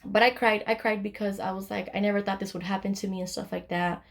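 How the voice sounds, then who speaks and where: A woman's voice: mid-range voice, steady tone, fast, creaky. A young woman recounts a personal story straight to her camera in a loose, casual way. She swears freely and jumps into the voices of the people in her story as she goes. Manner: candid, swears freely, acts out her own quotes. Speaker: vlogger.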